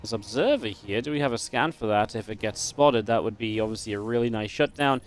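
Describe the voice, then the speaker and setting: Chatty esports caster. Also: male voice, on the low side, brisk, soft background music. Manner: analytical, chatty, laughs easily. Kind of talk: play-by-play game commentary.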